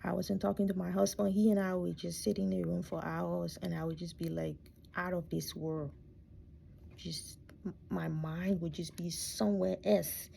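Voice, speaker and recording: A middle-aged woman telling her life story from her bedroom, speaking softly and reflectively, often close to a whisper and near tears. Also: on the low side, flat delivery, moderate pace, gravelly, a little hiss or hum. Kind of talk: personal storytelling.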